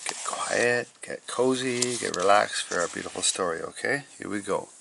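A man's voice: on the low side, normal speed, creaky, noisy background. A man reading a rhyming bedtime story aloud to listeners, in a soothing, rhythmic manner.

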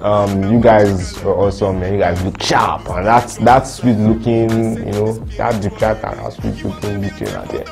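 A young Nigerian man with a Nigerian accent, reading out fan reactions in a lively, slangy casual chat. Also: on the low side, normal speed, vocal fry, few pauses, soft background music. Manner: lively, mixes Pidgin slang, laughs a lot.

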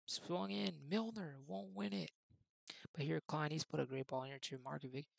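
A young man doing excitable mock play-by-play commentary over his football video game, then chatting about his match. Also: a little high, moderate pace, creaky, no echo, low-quality recording. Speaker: gaming YouTuber. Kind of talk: gameplay commentary.

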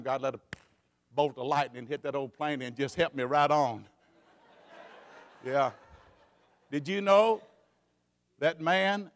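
Fervent preacher, bright ringing voice. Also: male voice, on the high side. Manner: fervent preaching with sudden shouts and hushed drops. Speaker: pastor. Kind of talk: sermon. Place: church sanctuary. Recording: long hall reverb.

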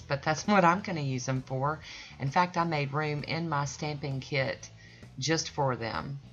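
A woman's voice: deep voice, fairly bright tone. A woman hosting her own nail art channel, giving a chatty, folksy tutorial voice-over that rambles and sometimes loses its thread. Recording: dull lo-fi recording with faint music.

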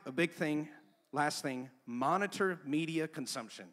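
A man's voice: fairly high pitch, moderate pace, a bit bright. A young man preaching a sermon in a casual, conversational way, telling personal stories. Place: church sanctuary. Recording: long church-hall reverb.

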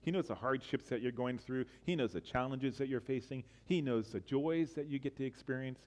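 A man preaching a sermon as a church pastor, earnest and repetitive, building to emphatic bursts and then dropping quiet. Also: medium pitch, a little fast.

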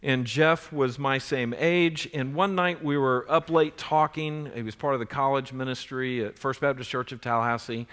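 A man's voice: mid-range voice, normal speed, few pauses, a bit bright, clean tone. A man in his forties preaching a sermon as pastor, earnest and building in force on key points. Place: church sanctuary. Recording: church sanctuary with long reverb.

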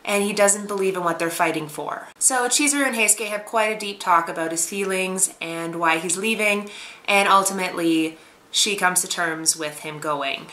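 Woman, anime reviewer, casual recap, sarcastic, bright tone, roomy echo. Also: on the low side, moderate pace. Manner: sarcastic, chatty.

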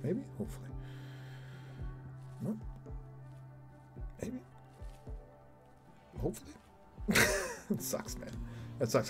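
A young man on a live game stream, trading crude jokes and small talk with his viewers. His voice sits a little high and swings widely in pitch as he riffs. Soft game music plays faintly underneath. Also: huge pitch swings, slow pace, long pauses. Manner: joking, crude, chatting back to viewers. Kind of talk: casual live-stream chat while playing.

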